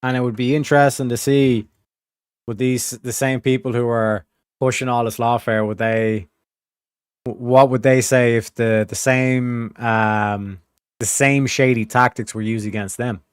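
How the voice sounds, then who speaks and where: Man, rural Southern-tinged Californian accent, casual streamer, rambling, swears a lot, smooth voice. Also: mid-range voice, fairly even intonation, a little slow, dry recording, studio quality. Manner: profane, rambling, talks to chat. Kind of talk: casual livestream commentary.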